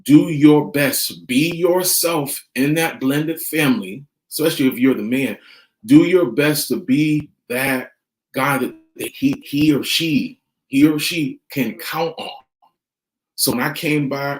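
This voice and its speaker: A man's voice: medium pitch, unhurried. Earnest man talking in a roomy space. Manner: earnest, repeats key points, retells scenes with quoted dialogue. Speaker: vlogger giving family advice. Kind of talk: casual monologue to camera. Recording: roomy echo.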